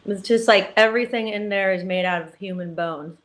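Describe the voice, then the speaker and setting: A woman's voice: mid-range voice, brisk, a bit bright. Chatty woman co-host. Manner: chatty, enthusiastic, says "like" a lot. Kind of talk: casual chat.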